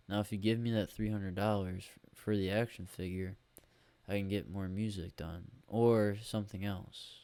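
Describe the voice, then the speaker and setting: A man's voice: on the low side, steady tone, normal speed, warm tone, dry recording. A man hosting a solo podcast on a USB microphone, rambling and grumbling with lots of swearing. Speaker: podcast host.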